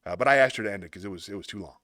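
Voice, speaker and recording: A man hosts a live online show, casually chatting while reading viewer comments, rambling and laughing often. His voice is on the low side and a bit bright, and he talks at a racing pace in a dry, studio-quality recording.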